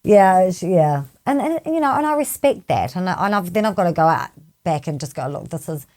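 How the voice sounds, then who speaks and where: Animated woman, laughing easily. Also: fairly low pitch, fairly quick. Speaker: podcast co-host. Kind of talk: casual group chat.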